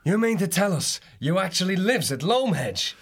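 A man's voice: high-pitched, sing-song, normal speed, breathy edge, pitched above the performer's own voice, heavily acted. A male narrator putting on a hearty, teasing older male creature in a storybook drama.

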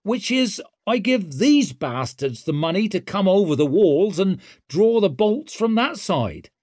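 A man's voice: high-pitched, big pitch swings, measured pace, darkish tone, no room sound, clean studio sound, voice pushed up. A man voicing a brash, sly young woman leader who talks with cheeky mock-innocence. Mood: cocky.

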